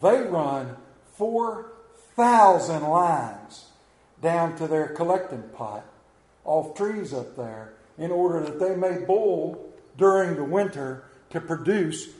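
A man's voice: on the high side, expressive, slow pace, darkish tone. A middle-aged man with an Appalachian accent preaching a sermon in a church, telling folksy, joking stories and putting questions to the congregation. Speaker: pastor. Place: church sanctuary. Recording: roomy echo of a church hall.

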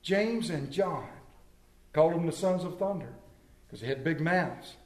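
A man's voice: fairly high pitch, expressive, measured pace, darkish tone. A man from Maryland preaching a sermon as pastor, telling stories with self-mocking humor. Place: church sanctuary. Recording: echoey church room.

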